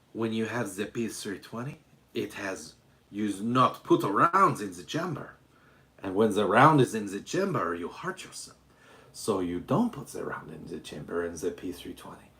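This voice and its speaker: Picture a swaggering, faintly menacing oddball with a patchwork accent that drifts between Russian, French and German, as a man puts him on for a laugh. He leans in with hushed, creepy asides and swoops from high, sly exclamations down to low murmurs. It is comic mock-villainy on a casual stream. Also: heavily acted. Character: eccentric Eastern European-ish gun-loving man, menacing joker. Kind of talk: comedic character voice on a livestream.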